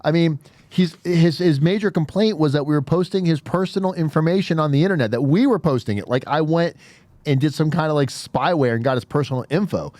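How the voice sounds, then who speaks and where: A man's voice: fairly high pitch, a little fast, a little mellow, no echo. A man hosting an interview, talking in a blunt, heated way and swearing often. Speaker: podcast host. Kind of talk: casual interview talk.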